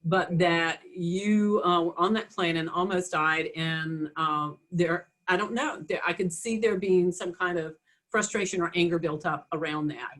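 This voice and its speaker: A woman's voice: lowish voice, unhurried, a bit bright. A woman hosting a casual interview, thinking aloud in a hesitant, reflective way. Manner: thoughtful, hesitant, with "uh" and "you know". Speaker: interview host.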